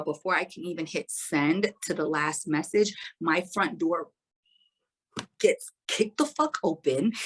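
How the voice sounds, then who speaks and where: A woman, a podcast guest, telling a story casually in an animated, profane, slangy way. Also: lowish voice, slightly rough, poor audio.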